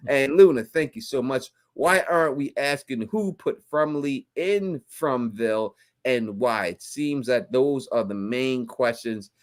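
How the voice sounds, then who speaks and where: A man's voice: mid-range voice, animated, measured pace. A man hosting a live stream, explaining fan theories at length with many restarts. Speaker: host.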